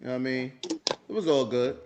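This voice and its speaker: A man's voice: mid-range voice, fast talker, a little mellow, muffled recording. A man co-hosting a podcast, telling a long story in casual chat, laughing often and acting out the other people in it.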